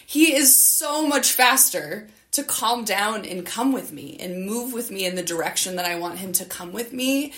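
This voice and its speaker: A woman's voice: mid-range voice, animated, normal speed, hardly any pauses, a bit bright, echoey room. A woman hosting a podcast about dogs, talking in a loose conversational way with lots of "right?" and "you know". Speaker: podcast host. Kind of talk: casual interview chat.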